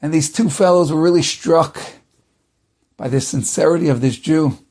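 A man tells a religious tale with dramatic, animated delivery, speeding up and slowing down. His voice sits high for a man and carries a steady gravelly fry. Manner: dramatic, animated, shifting pace. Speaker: storyteller.

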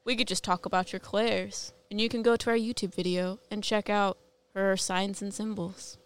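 A woman's voice: mid-range voice, little pitch movement, moderate pace, clear, resonant tone. A woman co-hosting a casual podcast, asking curious follow-up questions in a playful way. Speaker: co-host.

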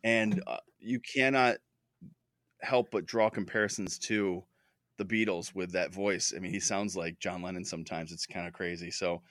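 A man's voice: low-pitched, steady tone, normal speed, a bit bright, no echo, studio quality. A man co-hosting a podcast, talking casually and with enthusiasm. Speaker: podcast co-host.

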